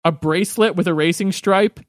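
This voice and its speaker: Game master, man with a high voice, relaxed, laughs easily, dry room. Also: a little fast, dry recording. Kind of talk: narrating a tabletop game.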